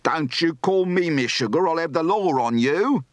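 A man's voice: fairly high pitch, lively intonation, no echo, studio quality, voice pushed up, close to an everyday voice. A man doing brash London Yiddish street hawkers. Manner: drawn-out, shouted sales calls. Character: loud market hawkers with London Yiddish accents. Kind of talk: accent demonstration.

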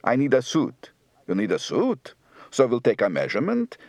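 A man's voice: mid-range voice, huge pitch swings, moderate pace, creaky, darkish tone, no echo. A man putting on a Polish Yiddish accent as a complaining older man, with strongly rising and falling intonation for an accent demonstration. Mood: kvetching.

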